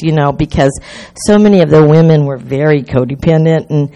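A woman's voice: low voice, steady tone, a little fast, warm tone. An older woman speaking at a recovery gathering, telling her story in a rambling, chatty way with many restarts. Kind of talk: personal storytelling talk.

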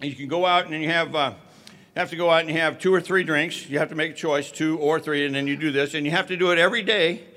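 A man's voice: a little high, fairly even intonation, fast, pushed and bright. A middle-aged man telling his own recovery story, chatty and wry, with many fillers. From Southern California. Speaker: speaker sharing recovery story. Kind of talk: personal recovery talk.

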